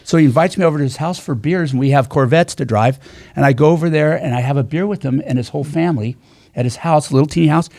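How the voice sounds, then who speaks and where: A man telling a story as a guest racing driver in a casual chat, animated and acting out other people's lines. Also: on the high side, quick pace, dry recording.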